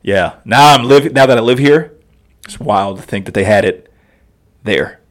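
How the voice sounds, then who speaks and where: A man in his thirties, a podcast guest telling stories in an animated way and laughing often. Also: mid-range voice, moderate pace. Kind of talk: casual storytelling.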